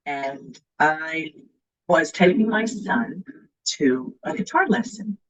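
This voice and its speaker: Middle-aged woman telling her story, husky voice. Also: sits low, takes it slowly. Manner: animated, acts out quoted voices. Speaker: guest author. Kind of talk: personal storytelling. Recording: muffled, lo-fi sound.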